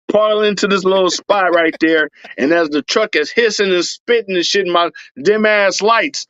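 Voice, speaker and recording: A man telling long stories in casual, profane talk. He is animated and keeps breaking into shouts and laughs. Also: high-pitched, dry recording, dull audio. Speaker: podcast guest, superfan. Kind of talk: casual storytelling.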